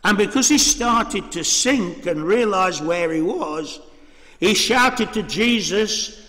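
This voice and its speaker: Priest giving a sermon, high-ish voice, slow and measured, church reverb all around. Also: male voice, lively intonation, bright, forceful tone. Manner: measured, with rhetorical questions.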